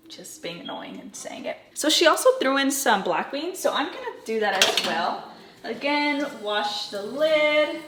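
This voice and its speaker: Cooking in her home kitchen, a young woman with a slightly high voice rambles chattily for her vlog and pokes fun at herself. The recording has a little hiss or hum, plus echo and loud frying sizzle from the food she stirs.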